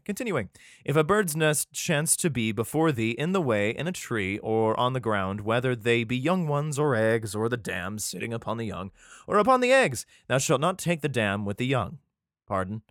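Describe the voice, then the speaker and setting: An animated man reads archaic scripture aloud, tripping and restarting on the old wording. Between verses he drops into casual, irreverent commentary full of swearing and jokes, his pitch leaping around freely. The sound is dry and close. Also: no echo. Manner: irreverent, swearing, joking asides; stumbles and restarts while reading archaic text. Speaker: vlogger reading scripture aloud.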